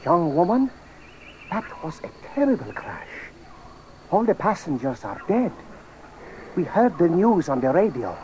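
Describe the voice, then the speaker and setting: A lively young jungle hunter. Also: male voice, a little high, measured pace, pauses often, muffled recording, slight background noise. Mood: concerned. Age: young adult.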